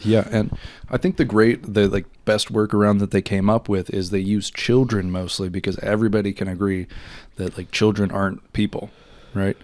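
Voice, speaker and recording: A man's voice: on the low side, level tone, normal speed, darkish tone. A young man co-hosting a podcast, laid-back and agreeable, riffing along with laughs. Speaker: podcast co-host. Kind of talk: casual comedic podcast banter.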